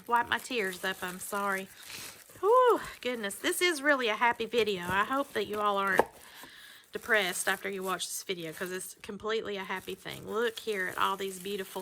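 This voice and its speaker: A woman's voice: mid-range voice, pushed and bright. A middle-aged woman chatting casually as she unboxes a package of handmade soap, gushing and exclaiming over each item. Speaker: vlogger showing handmade soap mail.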